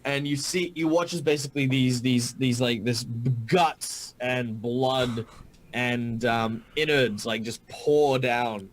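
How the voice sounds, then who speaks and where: A man running a tabletop game as game master, narrating with frequent pauses and fillers. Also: medium pitch, fairly even intonation, slight background noise, low-quality recording. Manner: halting, many fillers and restarts.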